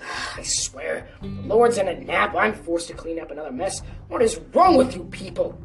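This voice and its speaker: A woman's voice: on the low side, very animated, moderate pace, distant mic, faint music behind. A woman voicing a fussy, easily startled male imp butler who grumbles in exasperation, read aloud from a story. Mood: exasperated.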